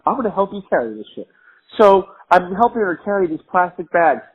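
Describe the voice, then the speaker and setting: A man's voice: high voice, big pitch swings, fairly quick, breathy edge. Drunk man rambling over a phone line. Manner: rambling, profane, laughing often. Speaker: caller telling a story. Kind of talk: casual storytelling over the phone.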